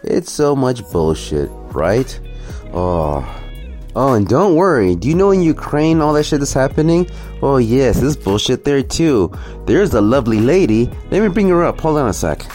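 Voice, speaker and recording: A man's voice: medium pitch, sing-song, moderate pace, darkish tone, faint music behind. Cussing guy ranting on his vlog, sarcastic, voice all over the place. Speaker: commentary vlogger. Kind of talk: ranting reaction commentary.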